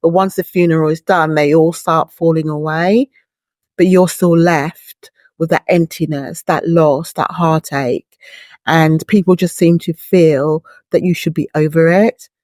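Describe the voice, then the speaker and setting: A woman's voice: low-pitched, fairly even intonation, unhurried, a little mellow, no room sound. Earnest middle-aged woman, dry close sound. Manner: earnest, heartfelt, speaks in extended images. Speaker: bereaved mother, guest. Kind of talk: reflective interview talk.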